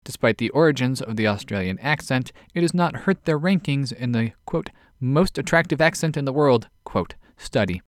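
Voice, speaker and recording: A man hosting an odd news podcast, reading short stories from a script and reading quotes aloud in a measured way. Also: medium pitch, expressive, no echo, clean studio sound. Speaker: podcast host.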